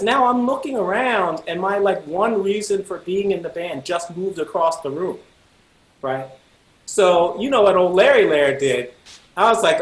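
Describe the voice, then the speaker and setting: Animated man telling a story in a roomy echo. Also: normal speed. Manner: animated storyteller, acts out quotes with sudden high-pitched outbursts. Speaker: guest musician giving a masterclass. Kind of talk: storytelling talk to students.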